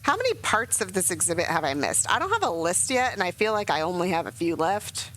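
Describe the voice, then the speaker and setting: Brief: young woman streamer, rambly casual commentary, lively up-and-down pitch, lowish voice, faint hum behind. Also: a little fast, rough recording. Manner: rambling, emotional, many fillers.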